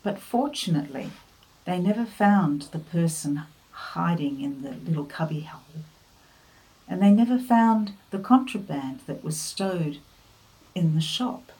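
Slow, mellow-voiced woman giving a devotional. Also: lowish voice, animated, low-quality recording. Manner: earnest, gentle encouragement. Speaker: devotional speaker. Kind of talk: devotional talk.

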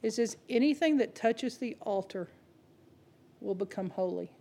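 A woman preacher with a fairly high voice, delivering a sermon. She talks straight to her listeners in a relaxed, conversational way, mixing scripture with funny personal stories. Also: normal speed. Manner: humorous storytelling with chuckles; conversational, addresses the congregation directly.

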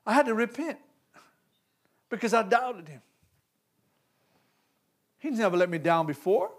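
High-voiced preacher, loud then hushed. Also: male voice, measured pace. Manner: animated, swings from loud to hushed, laughs between points. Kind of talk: sermon.

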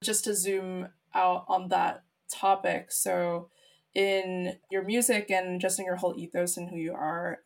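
Lower-voiced woman interviewer. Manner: thoughtful, long winding questions. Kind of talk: interview conversation.

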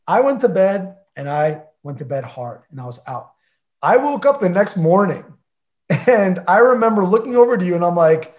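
Man, slightly high voice, playful, emphatic, casual storytelling. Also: lively intonation, moderate pace, a little mellow. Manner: playful, emphatic, acts out his own reactions.

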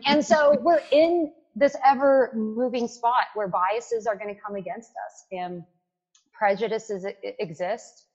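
A Canadian woman in her forties, a tech executive, speaks as a guest in a casual interview, energetic and lively, often saying "like" and asking "right?". Her voice is on the high side at a measured pace, and the sound is lo-fi.

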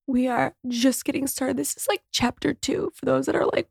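A woman's voice: high voice, animated, brisk, gravelly, few pauses, warm tone, no echo, clean studio sound. A woman in her thirties hosting a solo podcast, speaking in a raw, candid, emotional way and swearing freely. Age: 30s. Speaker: podcast host.

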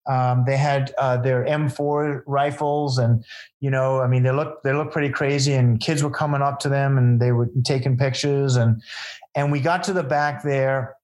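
A man's voice: mid-range voice, steady tone, normal speed, darkish tone. A man telling stories about his event in a conversational interview, earnest and rambling, with many fillers and restarts. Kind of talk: casual storytelling in an interview.

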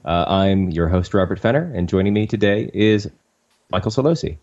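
A man hosting a casual podcast chat, relaxed and full of hesitant fillers. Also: sits low, moderate pace, highs cut off. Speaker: podcast host.

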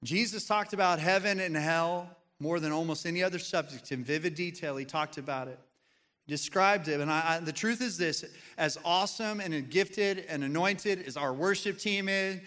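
Pastor preaching in a reverberant church. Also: male voice, a little high, moderate pace. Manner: storytelling, animated, acts out quoted voices. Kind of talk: sermon. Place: church sanctuary.

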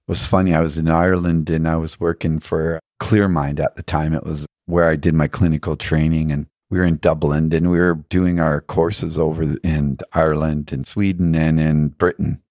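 A man's voice: rumbling low, flat delivery, moderate pace, darkish tone, dry recording, clean studio sound. A man who is a podcast guest tells reflective spiritual stories. He speaks earnestly, often poses rhetorical questions and laughs now and then.

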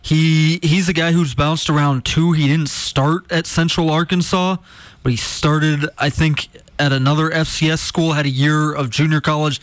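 A man co-hosting a sports talk show, giving matter-of-fact updates. His voice runs a bit high for a man and sounds close and dry, with no room around it. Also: steady tone, normal speed, no room sound. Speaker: radio co-host.

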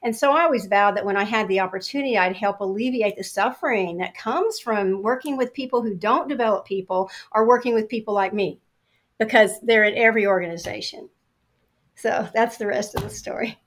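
Woman, middle-aged, interview guest, lively storyteller, acts out her old replies, mid-range pitch. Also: a little fast. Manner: animated storyteller acting out her own past replies.

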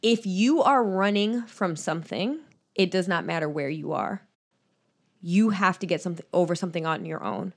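A woman co-hosting a casual podcast, candid and quick to laugh, swearing freely as she gives advice. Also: fairly low pitch. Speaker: podcast co-host.

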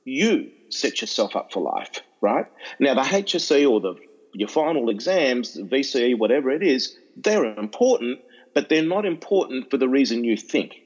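A middle-aged Australian man, an educational speaker, telling stories in an interview, animated and restarting often. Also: medium pitch, normal speed, dull audio. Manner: animated, repeats and restarts, acts out voices in anecdotes. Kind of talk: storytelling interview chat.

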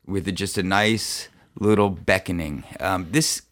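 A man's voice: sits low, unhurried, a bit bright. A man hosting a casual music podcast, rambling and searching for words with fillers. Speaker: podcast host. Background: album music playing.

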